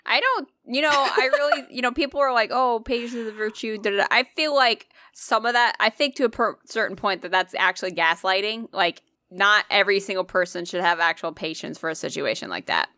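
A woman's voice: mid-range voice, expressive, brisk, hardly any pauses, pushed and bright, dry recording. A woman co-hosting a podcast, chatting casually in a blunt, emphatic and sweary way. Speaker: podcast co-host. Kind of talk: casual chat.

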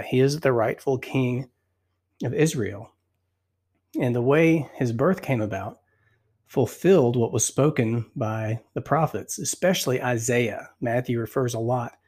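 A man hosting a devotional podcast, reading scripture slowly and reflectively while still out of breath. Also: mid-range voice, darkish tone. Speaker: podcast host.

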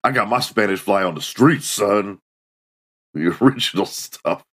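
A man's voice: lowish voice, expressive, a little slow, fairly bright tone, breathy edge. A middle-aged man hosting a solo comedy podcast, sarcastic and mocking, acting out little scenes. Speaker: podcast host.

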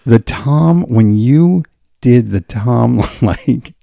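A man's voice: medium pitch, lively intonation, very slow, creaky, mellow, no echo, clean studio sound. A man co-hosting a podcast, chatting loosely and laughing often. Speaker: podcast co-host. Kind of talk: casual chat.

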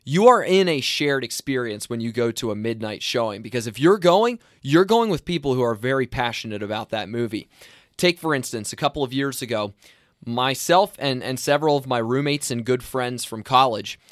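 A man in his twenties hosting a casual talk, eager and enthusiastic as he leads the conversation. His pitch is ordinary and he often restarts mid-thought. The recording is dry and close-miked. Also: animated, normal speed, no echo. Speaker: host. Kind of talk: casual chat.

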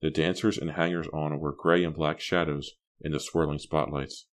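Very deep-voiced male audiobook narrator. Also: flat delivery, moderate pace. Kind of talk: scripted narration.

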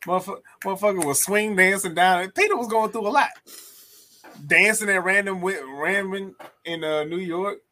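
A man's voice: high-pitched, normal speed, sharp tone, slight background noise. A young man co-hosting a casual podcast, joking around and acting out movie scenes as he talks. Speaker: podcast co-host. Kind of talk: casual chat.

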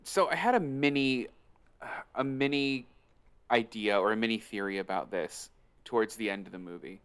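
A man's voice: lowish voice, normal speed, a bit bright, clear, resonant tone. A man co-hosting a casual movie podcast, teasing his friends and laying out a theory at length. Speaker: podcast co-host. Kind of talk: casual movie review chat.

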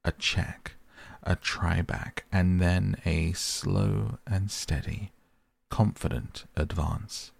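A man reading a classic children's book aloud in a soft, gentle bedtime style on a close mic. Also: low voice, vocal fry, husky. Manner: gentle, unhurried. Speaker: audiobook narrator.

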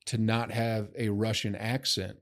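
A man's voice: on the low side, flat delivery, measured pace. A man in casual chat, talking bluntly and swearing freely as he gives opinions.

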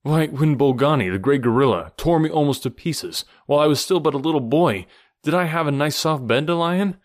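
A man voicing a calm, noble jungle-raised gentleman in an audiobook, speaking in a grave, measured, courteous way. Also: low-pitched, close to an everyday voice. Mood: wry. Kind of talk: audiobook character reading.

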